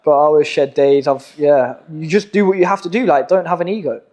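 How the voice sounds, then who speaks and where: A man's voice: on the high side, quick pace, a little mellow. A young English man hosting a casual podcast chat, telling stories in slangy, profane talk. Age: young adult. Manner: slangy, swearing, storytelling. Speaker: podcast host, agency owner.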